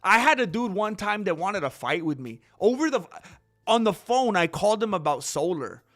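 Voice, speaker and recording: A male host rambles through stories on a casual livestream, often breaking into laughter. His voice sits a bit high and swings widely as he talks. He stops now and then to read chat aloud. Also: normal speed. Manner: animated storyteller who laughs often and reads chat. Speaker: channel host.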